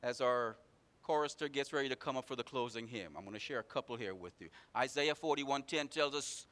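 This is a fairly quick sermon from a man who shifts between loud emphatic runs and quiet, low-pitched asides. He preaches in a repetitive cadence.

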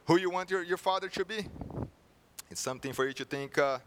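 A man's voice: high-pitched, a little fast, a little hiss or hum. A male preacher delivering a sermon with earnest storytelling and rhetorical questions.

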